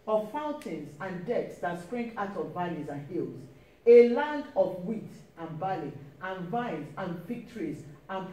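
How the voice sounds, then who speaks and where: Her voice is mellow and medium-pitched as she preaches with emphasis, returning again and again to key phrases and calls of praise. It's recorded from afar in an echoey church hall, with a faint hiss.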